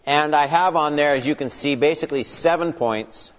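A man's voice: on the high side, normal speed, a bit bright. Man, Bible teacher; earnest and emphatic with dry asides; long hall echo, muffled lo-fi recording. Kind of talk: teaching lecture opened with prayer. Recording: long hall reverb, dull lo-fi sound.

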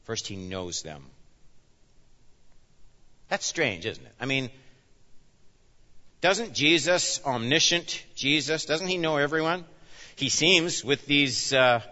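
A man preaching a sermon as pastor, emphatic, swinging from loud declarations to hushed asides. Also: fairly high pitch, lively intonation, slow pace, pauses often. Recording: dull sound with long reverb in a large hall.

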